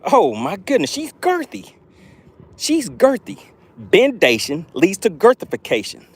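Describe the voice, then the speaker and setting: A man hosting a live fishing stream from a boat outdoors, excitably narrating his catch and reading chat aloud. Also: sits high, measured pace, breathy edge. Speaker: fishing livestream host.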